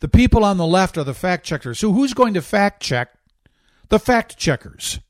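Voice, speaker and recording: A man's voice: high voice, big pitch swings, normal speed, dry recording, studio quality. A man hosting a talk radio show, delivering a fervent, emphatic political monologue with a preachy edge, a bit out of breath.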